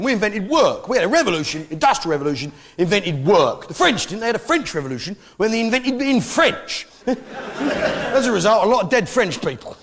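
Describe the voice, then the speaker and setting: A comedian playing a boastful, jingoistic English pub landlord with an English accent, bellowing chummy asides to a live audience. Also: male voice, high voice, fairly bright tone, full character voice. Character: loud boastful English pub landlord, middle-aged man. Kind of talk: stand-up comedy character act.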